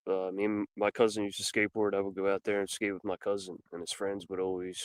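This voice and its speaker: A man's voice: sits low, little pitch movement, fast, clean tone, dry recording, rough recording. A man chatting as a guest on a live stream panel, blunt and telling stories. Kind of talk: casual live stream chat.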